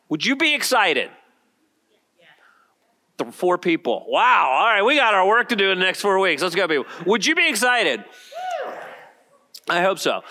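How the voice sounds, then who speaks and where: A man preaching a lively sermon as pastor, asking the congregation questions and building to emphatic peaks. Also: high voice, moderate pace. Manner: animated preaching, rising to emphatic peaks, asks the crowd questions.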